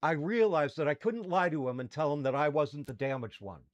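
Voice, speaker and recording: A middle-aged man with a somewhat high-pitched voice. He hosts a talk show and tells his own story in a candid, rambling way, full of fillers and restarts. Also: brisk. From Canada. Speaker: podcast host. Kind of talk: personal storytelling.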